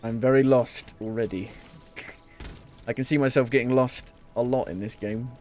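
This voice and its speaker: A man's voice: mid-range voice, steady tone, moderate pace, darkish tone, faint music behind. A man giving casual, jokey live commentary while playing a video game, often muttering to himself. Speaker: gameplay streamer.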